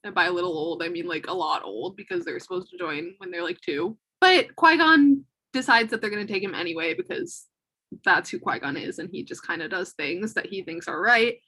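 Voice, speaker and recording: A woman's voice: lowish voice, brisk, husky. Opinionated young woman chatting casually. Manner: animated, opinionated, filler-heavy. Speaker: podcast co-host. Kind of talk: casual chat.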